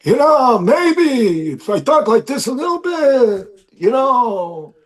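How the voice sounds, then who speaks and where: A man putting on the voice of an old Jewish grandfather, a kvetching comic type, high and strained. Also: very animated, slow, exaggerated voice.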